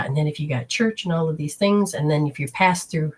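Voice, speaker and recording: A woman's voice: low voice, a little fast, hardly any pauses. A woman hosting a spiritual healing talk, explaining steps in a rambling, instructive way and speaking straight to her listeners. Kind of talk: casual teaching talk.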